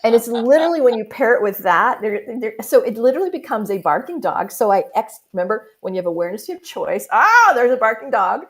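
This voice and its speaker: A woman author and business mentor, a guest on a video call from a closed office, talking in an animated way and acting out inner voices in little quoted asides. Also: mid-range voice, fast, hardly any pauses. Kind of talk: animated interview talk. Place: home office with the door closed.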